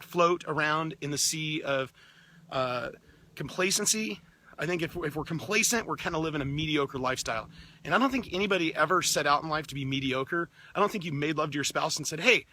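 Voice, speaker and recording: A man with a bright, forceful voice gives an energetic motivational talk to his team. He sounds upbeat and eager, often doubling words as he presses on. His voice sits a little high for a man and is recorded dry and close. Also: no echo. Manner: energetic, upbeat, repeats words when excited.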